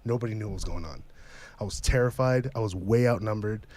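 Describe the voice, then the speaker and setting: A young man, a podcast guest, telling a story casually with lots of swearing and animated, raised voices for the people he quotes. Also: on the low side, a little fast.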